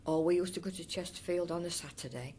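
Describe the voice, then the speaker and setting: Speaking fast in a fairly low, creaky voice with a warm tone, this older woman recalls the past for an oral history interview, and a little hiss or hum sits under the recording. She comes from the North East Derbyshire area of England and talks in a chatty, rambling way, often restarting and adding fond asides.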